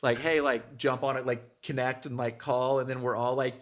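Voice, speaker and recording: A man's voice: mid-range voice, little pitch movement, normal speed, a bit bright. A man sits in as a podcast guest with an ordinary mid-range voice. He rambles through his thoughts, stringing them together with "like" and "you know" and checking in with "right?". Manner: rambling, heavy use of "like" and "right?". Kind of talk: casual chat.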